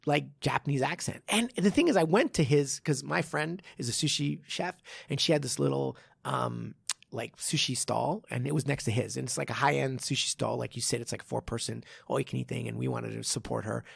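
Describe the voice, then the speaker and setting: A man hosting a podcast and telling animated stories as a martial arts instructor in casual chat. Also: medium pitch, brisk, vocal fry, slightly rough, no room sound. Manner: animated storytelling with frequent laughs.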